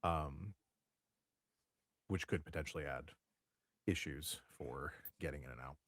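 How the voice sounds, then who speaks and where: Deep dude game master, halting, lots of ums, dry close sound. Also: male voice, fairly bright tone, dry recording. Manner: halting, full of fillers. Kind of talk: narrating a tabletop role-playing game.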